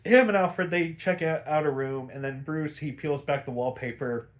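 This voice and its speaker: Man, young, slightly high voice, rambling, swears a lot, exasperated. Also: moderate pace. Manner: profane, gets worked up and exasperated; rambling with many "like" fillers. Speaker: show recap host. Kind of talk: casual episode recap.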